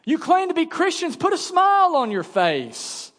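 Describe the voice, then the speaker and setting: Preacher doing a high, bossy cheer-up voice, brushing off grief, pushy and impatient, long reverb. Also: male voice, huge pitch swings, normal speed, fairly bright tone, full character voice. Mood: dismissive. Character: falsely cheerful dismissive man, brushing off grief.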